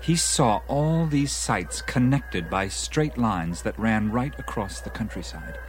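An enthusiastic man lecturing over dinner, as an actor plays him, his voice sitting a bit low. He builds his points eagerly and keeps talking through mouthfuls. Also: expressive, slow, faint music behind, low-quality recording. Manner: eager lecturing, talks while eating. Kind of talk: film dialogue.

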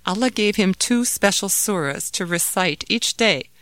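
A woman voicing a gentle, loving mother who soothes and patiently explains to her son in a storybook reading. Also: medium pitch, lively intonation, unhurried, no echo. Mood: explaining. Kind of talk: storybook read-aloud.

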